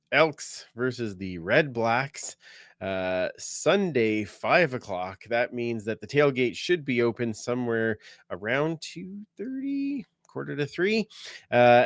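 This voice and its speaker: A man's voice: medium pitch, no echo, clean studio sound. A man hosting a casual sports podcast, rambling through news with many fillers and restarts. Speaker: podcast host.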